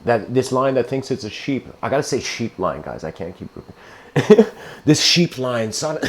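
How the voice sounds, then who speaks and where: A man giving a casual spiritual lecture, telling a story in a rambling, animated way with frequent laughs. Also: mid-range voice, measured pace. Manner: rambling, animated, laughs often, says "you know".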